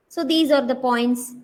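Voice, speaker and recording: A woman's voice: sits high, poor audio. A woman with an Indian English accent giving a university design lecture, talking through slide examples with many hesitant fillers.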